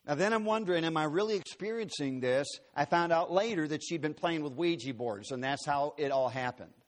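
A man preaches in a big auditorium, his voice pitched somewhat high. He tells his story earnestly and dramatically, acting out the quotes as he goes. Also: a little fast. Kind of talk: sermon storytelling. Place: large auditorium.

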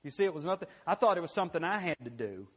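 High-voiced folksy man preaching. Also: big pitch swings, very fast, fairly bright tone, husky. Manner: folksy, conversational, repeats "you know what?". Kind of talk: sermon.

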